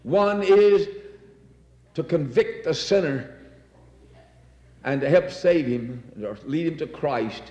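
A man's voice: a little high, lively intonation, takes it slowly, long pauses, mellow, lo-fi sound. A man preaching a sermon in a church, fervent and repetitive, reading scripture aloud between exclamations. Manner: fervent, repeats phrases, reads scripture aloud. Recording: echoey hall.

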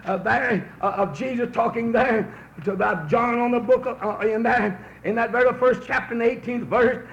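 A man preaching a revival sermon, telling folksy stories that build into fervent shouts. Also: very high voice, measured pace, gravelly. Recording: roomy, dull old recording with faint hiss.

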